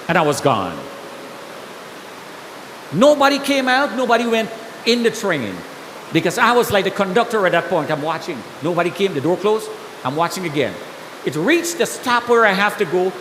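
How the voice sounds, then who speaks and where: A man tells his story in a church hall, his high voice leaping up and down as he acts out the people he met. His words ring with a long reverb, over a faint hiss. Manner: animated, acts out dialogue with shifting pitch. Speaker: guest speaker sharing testimony. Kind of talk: storytelling testimony. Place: church auditorium.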